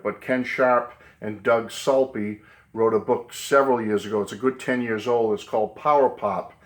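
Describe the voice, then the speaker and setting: A man's voice: medium pitch, fairly bright tone. A man with a Boston accent hosting a casual video lesson, chatty and fond of repeating himself. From New England. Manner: chatty, repeats "okay" and "great book". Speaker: video host.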